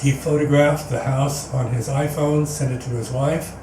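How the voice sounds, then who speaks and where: Man, mid-pitched voice, earnest rambling storyteller, frequent restarts, distant mic, echoey hall, background hiss. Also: steady tone, moderate pace. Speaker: guest speaker at a spiritual center. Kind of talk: personal storytelling talk. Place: meeting hall, indoors.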